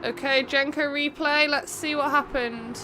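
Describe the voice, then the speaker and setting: A woman's voice: sits high, fairly even intonation, background noise. A woman with an English accent, commentating a racing game live on stream and chatting with viewers. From England. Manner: chatty, quick race commentary, greets viewers by name. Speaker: streamer hosting an online racing event.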